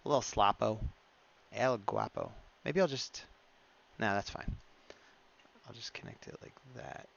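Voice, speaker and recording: A man's voice: on the low side, unhurried, creaky, a bit bright, highs cut off, a little hiss or hum. A man streaming live as he draws, chatting casually and muttering to himself as he works. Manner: chatty, mumbles to himself, reads chat aloud. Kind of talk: casual live-stream chat while drawing.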